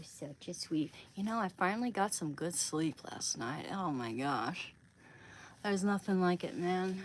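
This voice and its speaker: A woman's voice: on the low side, slight background noise, low-quality recording. A woman from Oregon chatting casually on a livestream, rambling and greeting viewers by name. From Oregon, USA.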